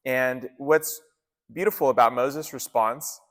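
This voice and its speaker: Male pastor, laid-back sermon, mid-pitched voice, echoey hall. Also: big pitch swings, normal speed, a bit bright. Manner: conversational, casual slang, frequent restarts. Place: church gathering in an arts center.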